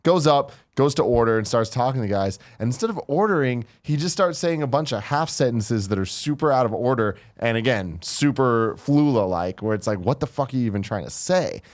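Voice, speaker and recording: A man hosting a podcast, telling a story in an animated, casual way, swearing freely and acting out the quotes. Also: medium pitch, normal speed, few pauses. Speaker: podcast host.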